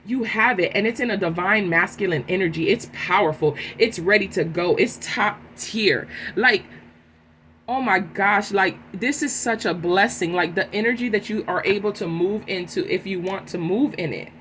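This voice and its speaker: A woman giving a collective tarot reading, talking in an emphatic, animated way and often asking "right?". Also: mid-range voice, moderate pace, slight background noise. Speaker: tarot reader.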